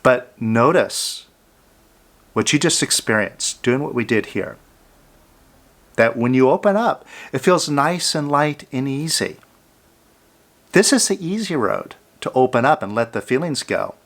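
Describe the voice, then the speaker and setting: A man giving a calm self-help talk, coaching the listener directly and sometimes dropping to a soft, hushed voice. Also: mid-range voice, measured pace, pauses often. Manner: drops to a soft near-whisper on "I love you, fear".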